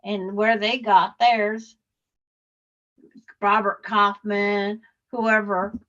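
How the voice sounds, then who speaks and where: Slow-talking lady quilter on a zoom call, sharp bright voice, kinda muffled sound. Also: mid-range voice, level tone. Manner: rambling, lists sources in passing. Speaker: quilter in an online group chat. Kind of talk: casual chat. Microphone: video call. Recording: muffled video-call audio.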